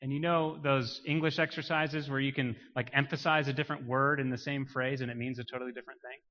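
A man preaching a sermon, swinging from quiet emphasis to loud, rising declarations. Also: medium pitch, steady tone, fast talker. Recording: muffled sound with long hall reverb.

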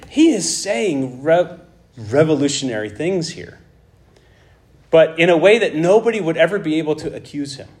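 A man preaching a conversational Bible teaching, who acts out the dialogue with animated asides. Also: on the high side.

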